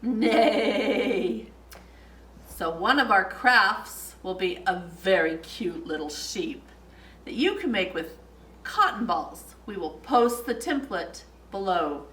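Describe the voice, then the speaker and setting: A woman hosting a children's story time, speaking slowly in a playful sing-song way, singing nursery songs and making animal sounds. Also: mid-range voice, very animated, a bit bright, far from the mic, a little hiss or hum. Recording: echoey room, voice from off mic.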